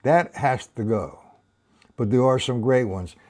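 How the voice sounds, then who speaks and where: A man's voice: mid-range voice, unhurried, a little mellow. An older man teaching drums on a live stream, opinionated and rambling, counting beats aloud as he explains. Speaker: drum teacher. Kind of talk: live-streamed drum lesson.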